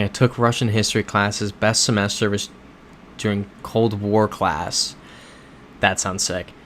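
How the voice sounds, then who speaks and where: A man in a relaxed, rambling livestream chat, reading out messages from viewers and answering them easily. His voice sits somewhat low, with a faint hum of noise behind him. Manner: chatty, reads viewer comments aloud and reacts to them; laid-back, with soft chuckles. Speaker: livestream host. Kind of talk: casual livestream chat while playing a geography game.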